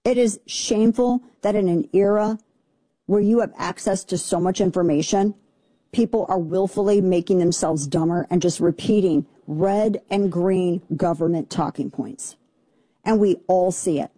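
A woman's voice: fairly low pitch, moderate pace, mellow, no room sound. A woman hosting a talk radio show, giving indignant, sarcastic commentary.

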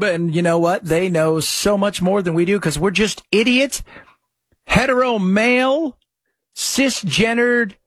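Husky, high-voiced mocking man host. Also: measured pace, dry recording, faint music behind. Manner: mocking, laughs loudly at his own jokes. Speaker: commentary show host. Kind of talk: sarcastic reaction commentary.

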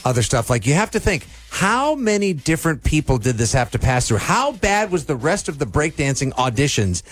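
A man's voice: on the high side, big pitch swings, fairly quick. A man co-hosting a radio talk show, chatting in a wry, casual way. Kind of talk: casual chat.

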